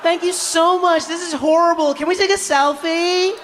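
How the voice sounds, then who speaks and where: A man voicing a group of gushing tourists in a shrill, drawn-out squeal, recorded in an echoey hall. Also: fairly even intonation, fairly bright tone, a little hiss or hum. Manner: high, breathless, gushing, drawn-out.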